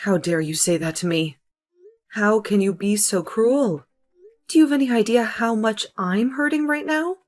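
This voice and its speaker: A woman's voice: mid-range voice, moderate pace, faint music behind, natural voice. A woman playing a grieving, wounded wife. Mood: outraged. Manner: pleading, hurt, accusing.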